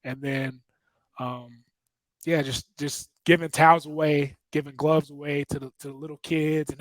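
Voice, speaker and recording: A man's voice: a little high, fairly even intonation, moderate pace, dry recording, poor audio. A young man guest telling stories in a casual interview, easygoing with lots of fillers. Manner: easygoing storyteller with many fillers. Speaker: guest, former college linebacker.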